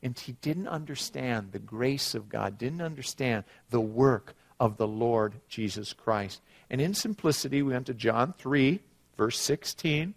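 A middle-aged man preaching a sermon, moving from quiet asides to loud, emphatic passages and telling stories. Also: medium pitch, measured pace, vocal fry. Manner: storytelling with acted quotes.

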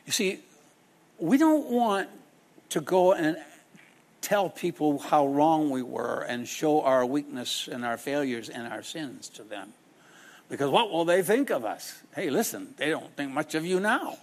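A man preaches a sermon, his voice rising and falling with lively swings in pitch. He is dramatic and stops now and then to act out the people in his stories. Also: measured pace. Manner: dramatic, acts out quoted people in shifting voices.

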